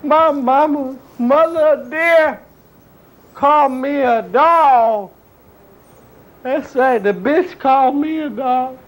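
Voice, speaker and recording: A man voicing a desperate, strung-out male junkie in a stand-up bit, whining, cracking into sobs and shouts, drawling his profanity. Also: very high voice, takes it slowly, poor audio.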